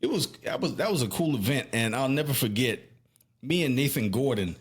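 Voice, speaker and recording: A man with a Lowcountry Southern accent, co-hosting a podcast and telling nostalgic stories in a casual, animated way. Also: fairly quick, husky. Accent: Southern US (Lowcountry South Carolina). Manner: animated storyteller, laughs often, pitch swings widely. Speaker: podcast co-host.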